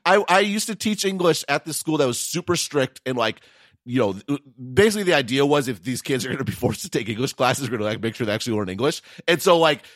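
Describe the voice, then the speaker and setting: A man with a Wisconsin accent, chatting casually as a podcast co-host, animated and full of quick restarts. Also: medium pitch, no room sound. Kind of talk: casual tech podcast chat.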